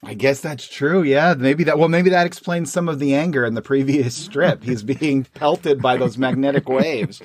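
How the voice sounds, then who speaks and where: A man's voice: medium pitch, normal speed, few pauses, no room sound. A man co-hosting a podcast, reading comic strips aloud in casual chat and chuckling often. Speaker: podcast co-host.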